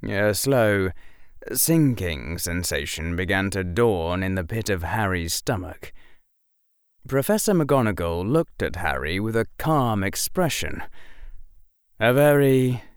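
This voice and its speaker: Slow, gravelly male audiobook narrator. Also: lowish voice, sing-song, dry recording, studio quality. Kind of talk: fan fiction audiobook narration.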